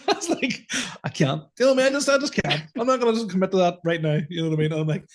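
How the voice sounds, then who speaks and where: A man in his thirties chats loosely on a podcast, his voice sitting a touch high. He rambles and pokes fun at himself, laughing a lot as he goes. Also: very fast. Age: 30s. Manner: rambling, self-mocking, laughs often. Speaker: podcast co-host. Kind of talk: casual chat.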